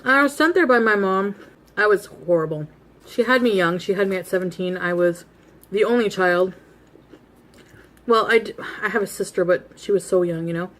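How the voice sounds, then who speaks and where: A woman's voice: mid-range voice, moderate pace, fairly bright tone. A woman telling a chatty, confessional story while eating on camera, casual storytime. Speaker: mukbang vlogger.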